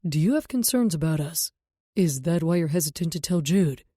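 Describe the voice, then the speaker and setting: A woman reading an audiobook, voicing a tender older man who speaks softly and soothingly. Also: sits low, expressive, normal speed, breathy edge, no echo, clean studio sound, voice pushed down. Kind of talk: audiobook character voice.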